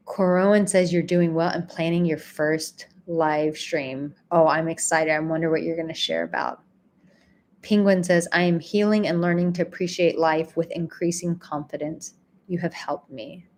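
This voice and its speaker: A woman hosting a live stream, reading out viewers' comments and thanking them in a gentle, effusive way. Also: lowish voice. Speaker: livestream host and relationship coach.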